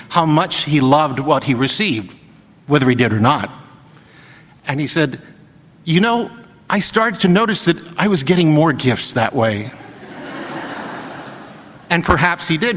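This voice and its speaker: Priest preaching in a reverberant church. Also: male voice, on the high side, fairly bright tone. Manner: storytelling homily with acted quotes. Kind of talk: sermon.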